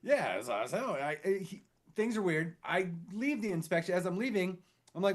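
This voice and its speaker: A married man co-hosting a casual podcast, telling a rambling story full of swearing and quick impressions of other people. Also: a little high. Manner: rambling, animated, swears freely; mimics others with shifted voices in stories. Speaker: podcast co-host.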